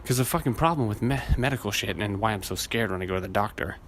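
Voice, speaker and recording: A man's voice: lowish voice, quick pace, a little hiss or hum. A man hosting a podcast, telling a rambling, profane story and acting out the people in it. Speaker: podcast host. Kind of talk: casual chat.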